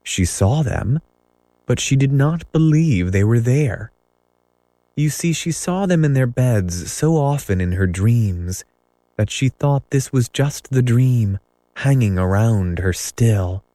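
A man narrates a classic storybook at an unhurried pace, his voice low and mellow. Recorded dry and close. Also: lively intonation, no echo. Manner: measured storytelling. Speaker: audiobook narrator. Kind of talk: scripted narration.

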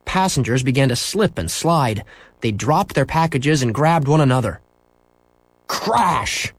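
Storyteller man for a kids' book, lively pitch, dry close sound. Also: normal speed, dry recording. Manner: expressive, playing out sound effects. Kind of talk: reading a children's book aloud.

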